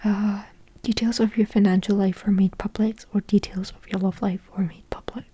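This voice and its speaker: A young woman whispering a soft, musing ASMR ramble into a close microphone, thinking aloud with lots of fillers. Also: mid-range voice, flat delivery, normal speed, breathy edge, no echo. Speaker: ASMR creator.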